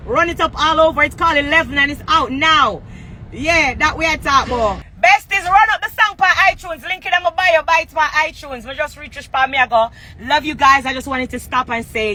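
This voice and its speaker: A woman's voice: fairly high pitch, pushed and bright, a little hiss or hum, poor audio. A woman with a Jamaican accent chatting on a livestream from a moving car, brash and hyped, trash-talking and laughing. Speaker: singer on a livestream. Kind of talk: casual livestream chat.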